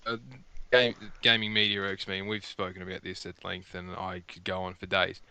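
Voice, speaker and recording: A middle-aged man, hosting a casual gaming podcast and rambling through animated stories. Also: sits low, fairly quick, smooth, no echo. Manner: rambling, animated storytelling with restarts. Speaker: podcast host. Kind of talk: casual chat. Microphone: headset.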